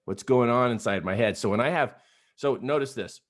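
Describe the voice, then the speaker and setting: A middle-aged man giving an energetic, conversational coaching talk, tossing in "you know" and "right?" as he speaks to an online group. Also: mid-range voice, a little fast. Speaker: motivational trainer.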